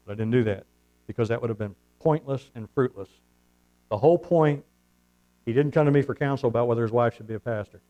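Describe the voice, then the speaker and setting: A man's voice: medium pitch, a little fast, a little mellow, poor audio. A man preaching a sermon, telling folksy stories and calling out for amens. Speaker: pastor.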